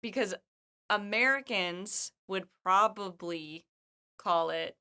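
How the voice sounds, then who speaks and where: Female co-host, crisp and bright tone, chatty explainer. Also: mid-range voice, takes it slowly. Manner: chatty, animated, explains at length. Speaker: podcast co-host. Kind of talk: casual chat.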